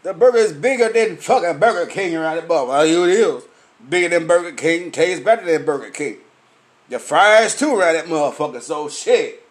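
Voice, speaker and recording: A man's voice: on the high side, expressive, brisk. A man, ranting angrily and profanely about food in a swaggering comic way. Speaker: vlogger. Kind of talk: profane rant.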